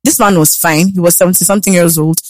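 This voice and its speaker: Woman doctor, lively storyteller. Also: lowish voice, fast, no room sound. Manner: animated storytelling, emphatic. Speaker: podcast co-host, doctor. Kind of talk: casual chat.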